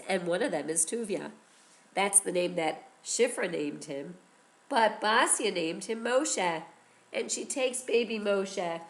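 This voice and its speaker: A woman teacher telling a story to children, animated and expressive, often asking questions. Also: on the low side, gravelly.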